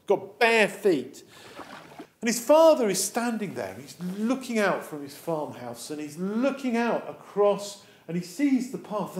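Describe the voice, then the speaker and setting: Lively English vicar telling a story. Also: male voice, high-pitched. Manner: animated storytelling, acts out the characters. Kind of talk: children's talk sermon.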